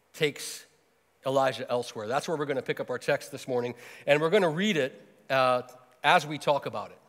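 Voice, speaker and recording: A pastor preaching a sermon, talking casually and retelling a Bible story with frequent restarts. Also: male voice, fairly high pitch, fairly bright tone, long reverb tail. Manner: conversational, explains and retells the story with many restarts.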